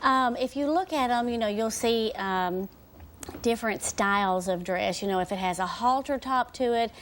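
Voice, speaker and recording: A woman's voice: fairly high pitch, normal speed, slight background noise. A woman hairstylist guest on a daytime TV show, explaining casually with lots of "you know" and "kinda", heard from worn old videotape. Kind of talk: TV guest demonstration.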